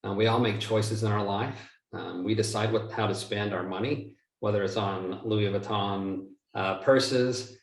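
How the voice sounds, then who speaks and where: A man's voice: on the low side, steady tone, a little slow. A man, a real estate investor guest, answering interview questions in a rambling, self-correcting, joking way. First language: not from the United States. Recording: roomy, distant mic.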